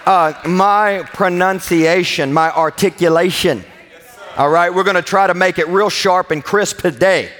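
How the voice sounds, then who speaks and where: A young man with a Kentucky accent preaches a sermon in a large church, his voice sitting noticeably high. He stretches key words slowly and draws the congregation into call-and-response. The sound carries a long reverb from the big auditorium. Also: a bit bright. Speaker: pastor.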